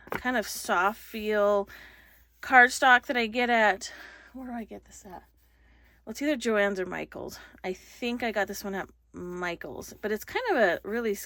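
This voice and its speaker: A woman's voice: mid-range voice, a bit bright, no room sound. Chatty woman rambling through a craft tutorial. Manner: chatty, rambling, lots of fillers and restarts. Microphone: phone.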